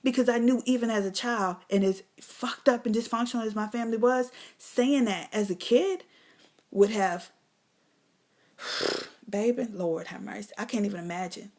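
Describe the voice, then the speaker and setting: A woman's voice: mid-range voice, moderate pace, a little mellow. A middle-aged woman hosting a live stream, telling a personal story candidly and bluntly, with lots of cursing, and talking straight to her viewers. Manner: blunt, emphatic, profane, addresses viewers as y'all.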